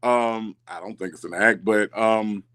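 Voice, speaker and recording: A man's voice: lowish voice, fairly even intonation, a little slow, fairly bright tone. A man hosting a casual livestream, reading chat comments aloud and repeating himself as he talks. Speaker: livestream host.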